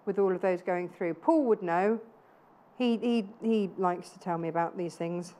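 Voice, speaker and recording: A woman in her thirties with a fairly low, mellow voice presents live sales on a shopping channel from a TV studio. Speaking at normal speed, she's chatty and gushing, tossing in self-deprecating asides.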